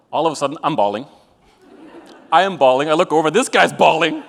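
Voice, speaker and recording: A man's voice: a little high, animated, quick pace, vocal fry, a bit bright, some chatter behind. A man gives a live motivational talk to a room full of people. He speaks bluntly with plenty of swearing and tells stories with a joking edge. His voice carries a long reverb from the event hall. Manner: blunt, profane, joking storyteller. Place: event venue with an audience.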